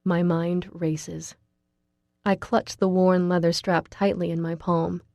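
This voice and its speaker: A woman narrating a novel in first person, reading in a quiet, measured way. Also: lowish voice, level tone, dry recording, studio quality. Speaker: audiobook narrator.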